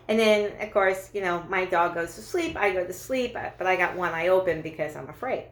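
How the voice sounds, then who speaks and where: A woman's voice: medium pitch, normal speed, few pauses, fairly bright tone, echoey room, a little hiss or hum. A woman doing a stand-up comedy monologue, chatty and self-deprecating, with lots of fillers and restarts.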